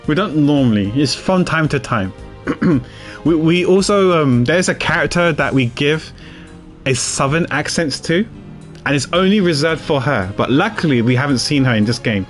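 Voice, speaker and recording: Chatty male streamer, lively voice. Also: a little high, soft background music. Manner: chatty, quick-talking and self-mocking. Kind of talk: casual live-stream chat.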